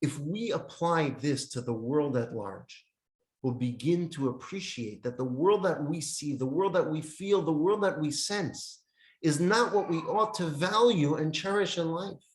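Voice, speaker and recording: A man teaching a lesson on Jewish meditation, speaking in short emphatic phrases with pauses and reading from a handout. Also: fairly high pitch. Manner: reads from a text handout. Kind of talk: classroom lesson with storytelling. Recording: roomy echo.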